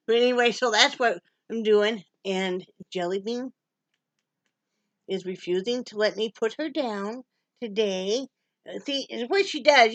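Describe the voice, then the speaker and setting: A woman's voice: medium pitch, a little slow, dry recording. A middle-aged woman from Wyoming chatting casually in a home vlog, laughing often and cooing to her dog. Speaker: vlogger.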